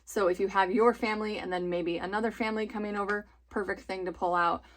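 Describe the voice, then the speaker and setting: A woman's voice: mid-range voice, steady tone, quick pace. A woman in her thirties, a homeschooling mom, chatting enthusiastically about family board games and laughing often. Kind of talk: casual chatty review.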